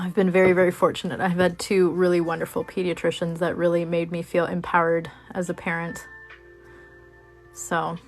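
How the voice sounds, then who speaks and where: With a gravelly, lowish voice, a woman hosts a crafting video and chats casually as she works. She rambles, using lots of fillers and restarting her sentences.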